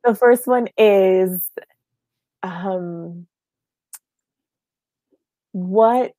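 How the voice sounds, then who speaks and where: A woman hosting an interview, playful and quick to laugh. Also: mid-range voice, mellow, no echo. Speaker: host. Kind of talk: casual interview.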